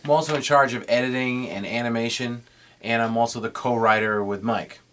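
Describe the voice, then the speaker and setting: A man's voice: mid-range voice, steady tone, brisk, a bit bright. A man who co-writes and animates a cartoon, talking about it in an easygoing way with fillers. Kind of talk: casual explanation.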